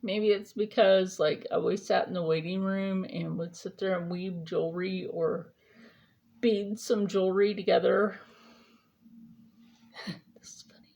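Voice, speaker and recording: A woman's voice: mid-range voice, steady tone, unhurried, creaky, pauses often, darkish tone. A woman vlogger chatting casually during her skincare routine, telling a rambling story with lots of fillers.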